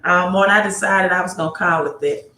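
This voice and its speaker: A woman's voice: on the low side, a little fast, pushed and bright, slight background noise. A woman hosting a casual livestream about money, rambling, greeting viewers by name and asking rhetorical questions. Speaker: livestream host giving financial advice. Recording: roomy echo.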